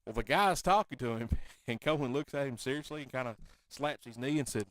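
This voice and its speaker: A man's voice: mid-range voice, expressive, brisk, a bit bright. A man, hosting a casual podcast and telling stories in a laid-back way, laughing often. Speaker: podcast host. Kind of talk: casual chat.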